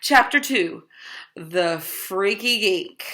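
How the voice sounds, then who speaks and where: Animated woman reading a children's book. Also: medium pitch, extremely slow. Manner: animated, playful. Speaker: school librarian reading aloud. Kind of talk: children's book read-aloud.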